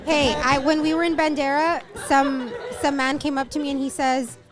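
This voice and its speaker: A woman co-hosting a casual chat, telling stories in an animated way. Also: sits high, normal speed, over music. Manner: animated storyteller. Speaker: co-host.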